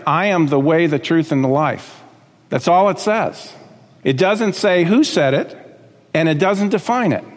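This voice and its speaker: A man's voice: fairly high pitch, in a large hall. A man preaching a sermon as pastor, talking conversationally with asides and checking in with the congregation.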